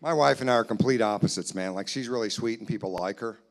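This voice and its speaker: A man doing a stand-up comedy set in a church, playfully acting out both sides of conversations with loud put-on voices. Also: on the low side, fast. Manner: playful, jumps to loud acted voices for his wife and himself. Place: church sanctuary, live audience.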